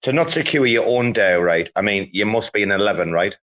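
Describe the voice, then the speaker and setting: A man's voice: lowish voice, animated, fairly quick, a bit bright, highs cut off. A man from the US East Coast chatting on an online panel, rowdy and mocking with crude teasing. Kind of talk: casual online panel chat.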